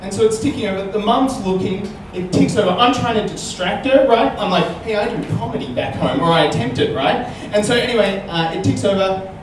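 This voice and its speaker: A male comedian telling a stand-up story and chatting on stage, animated and tagging lines with "right?". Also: high voice, brisk, few pauses. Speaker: comedian guest. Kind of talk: live stand-up storytelling and chat. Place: small comedy venue with audience. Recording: echoey live room, distant mic, noisy.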